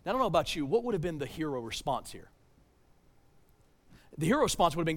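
A man with a high, ringing voice preaches a sermon, pressing his points with urgency and then dropping to a hush. He stumbles into repeated words as he restarts a thought. The sound carries the long reverb of a large church hall. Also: sing-song, quick pace, long pauses. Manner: emphatic, swings between loud urgency and hushed tones. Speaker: pastor.

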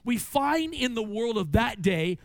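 A man preaching to his church in a high, lively voice. He tells stories and asks rhetorical questions, and the sound is dry and close, with hardly any room. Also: a little slow, no room sound. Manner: animated storytelling with rhetorical questions. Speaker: pastor. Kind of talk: sermon. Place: church sanctuary.

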